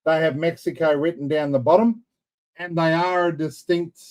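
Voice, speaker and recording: Man, Australian accent, co-host, casual chat, dry asides, slightly high voice. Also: steady tone, moderate pace, darkish tone. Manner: laid-back, dry asides. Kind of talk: casual live-stream chat.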